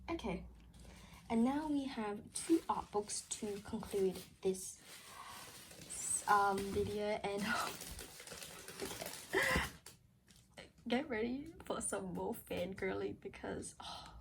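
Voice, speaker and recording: Young woman gushing over her haul, squeals then goes whispery, mid pitch, a bit of noise behind. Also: slow, vocal fry, long pauses. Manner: gushing, excitable, drifts between loud outbursts and whispers. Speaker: vlogger. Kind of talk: casual unboxing haul.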